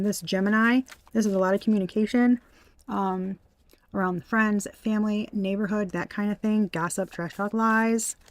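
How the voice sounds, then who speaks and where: A young woman doing a tarot reading in a fast, exclamatory way, gasping and swearing now and then. Her voice sits in an ordinary middle register. It is recorded close and dry, with no room sound. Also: medium pitch, no echo. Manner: excitable, exclamatory, swearing, frequent gasps. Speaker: tarot reader.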